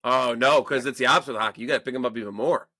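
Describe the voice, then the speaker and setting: A man's voice: mid-range voice, very fast, sharp tone, no room sound. A man in his thirties co-hosting a podcast, telling exasperated stories about his son in a casual, swearing chat. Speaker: podcast co-host.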